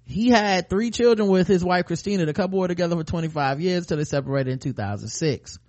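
A man with a high, fast, slightly mellow voice co-hosts a comedy podcast. He reads a news story aloud, breaking off now and then for crude jokes and banter.

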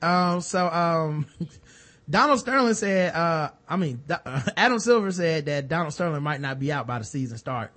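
Casting: man in his thirties, notably high voice, lively slangy co-host who jumps into quoted voices. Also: moderate pace. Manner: animated, slangy, acts out quotes. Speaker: podcast co-host. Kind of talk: casual chat.

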